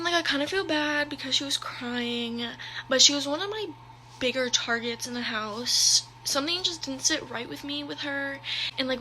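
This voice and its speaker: A woman's voice: high-pitched, sharp tone, slight background noise, poor audio. A woman contestant giving a sassy, blunt confessional. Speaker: game contestant. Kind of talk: confessional monologue.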